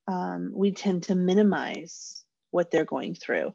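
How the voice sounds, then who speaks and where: A woman's voice: on the low side, takes it slowly, vocal fry, hardly any pauses, dark tone, breathy edge, no echo. A woman giving a casual parenting workshop, explaining how to validate children's feelings and acting out short parent and child lines in a lifted voice. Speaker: parenting educator. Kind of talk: informal parenting workshop talk. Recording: dull lo-fi dry sound.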